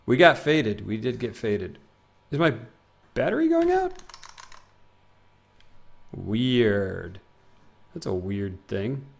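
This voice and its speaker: A man's voice: fairly low pitch, slow pace, gravelly. A man in his twenties chatting casually with his live-stream audience while gaming, rambling, reading chat aloud and breaking into silly sing-song bits. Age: 20s.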